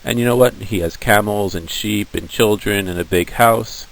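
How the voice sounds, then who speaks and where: Casual male teacher, deep voice. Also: moderate pace, vocal fry, rough recording. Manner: casual, conversational storytelling. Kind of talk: classroom lecture.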